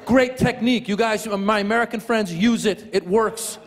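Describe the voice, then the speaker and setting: A man performing a stand-up comedy set in a large theater, animated and playful, slipping into voices as he tells his jokes. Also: sits high, moderate pace, big-room sound, some chatter behind. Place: large theater with a live audience. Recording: live stage recording with loud audience.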